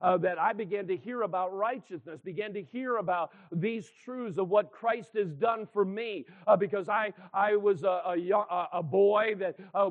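A man in his fifties or sixties preaching a sermon in church, earnest and emphatic, asking the congregation for responses. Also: high-pitched. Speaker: pastor. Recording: tinny phone-like sound.

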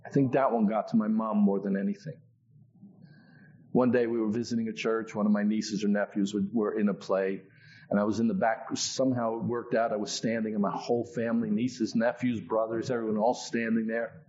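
A man telling his own testimony in a sermon, in a conversational, animated storytelling way. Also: on the low side, brisk, dull audio. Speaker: preacher.

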